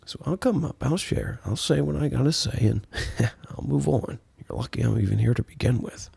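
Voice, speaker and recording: A man's voice: medium pitch, normal speed, gravelly, warm tone, slightly rough, heavily acted. A man voicing a self-righteous male online critic who stammers and then turns smug and dismissive.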